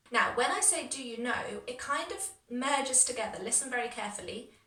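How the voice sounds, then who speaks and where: Bright-voiced woman teaching English phrases. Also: a little high, brisk. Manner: clear, encouraging, exaggerated rising intonation on model phrases. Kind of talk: language lesson, modeling phrases to repeat. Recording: echoey room from a distance.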